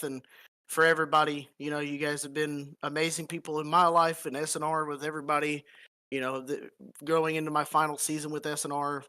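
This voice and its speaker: A man who just won a sim race, giving an earnest, grateful post-race interview in a halting way with many fillers over a headset. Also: fairly high pitch, pushed and bright. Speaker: race-winning sim racing driver.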